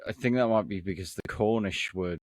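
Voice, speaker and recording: A man's voice: on the low side, brisk. A British man co-hosting a podcast in casual chat, talking bluntly with frequent swearing and stop-start restarts. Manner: blunt, sweary, self-correcting. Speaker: podcast co-host.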